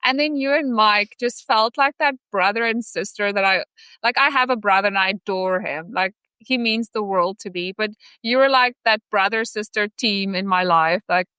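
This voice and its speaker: Bright, clear-voiced grateful woman guest. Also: mid-range voice, moderate pace, dry recording. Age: adult with a young son. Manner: effusive, grateful, chatty. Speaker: podcast guest. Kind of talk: casual interview chat.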